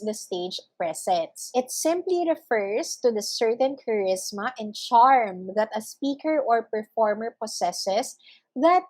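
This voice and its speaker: A young adult woman teacher giving a recorded lesson, explaining step by step in measured, parallel phrases. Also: fairly high pitch, a little mellow, no echo, low-quality recording. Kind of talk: recorded online lecture.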